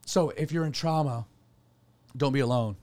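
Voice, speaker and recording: A man's voice: medium pitch, moderate pace, darkish tone. A man hosting a podcast, telling a personal story in an earnest, rambling way with frequent restarts. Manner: earnest, rambling, self-correcting. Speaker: podcast host. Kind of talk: casual chat, personal storytelling.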